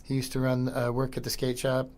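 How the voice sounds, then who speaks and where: A middle-aged man hosting a podcast, commenting casually and excitedly over old skateboarding footage, slangy and swearing. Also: mid-range voice, a little fast. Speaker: podcast host.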